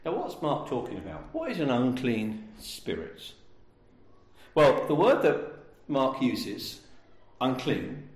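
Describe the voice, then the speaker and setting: A man preaching a sermon, emphatic and full of rhetorical questions. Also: medium pitch. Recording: echoey room.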